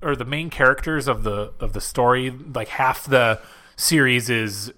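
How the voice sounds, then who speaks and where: A man co-hosting a podcast, recapping a film in halting casual chat with dry jokes. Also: medium pitch, bright, forceful tone. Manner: halting, many fillers and restarts, dry jokes. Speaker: podcast co-host. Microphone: podcast microphone.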